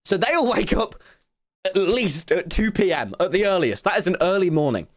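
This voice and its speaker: A British man streaming, telling a story to his chat in an excitable, laughing way that breaks into shouts. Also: sits high, moderate pace, dry recording, clean studio sound.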